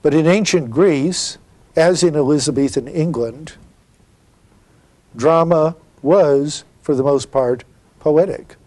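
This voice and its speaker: A man's voice: a little high, slow, darkish tone. A middle-aged man giving a literature lecture, explaining patiently and asking rhetorical questions. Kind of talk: university-style lecture.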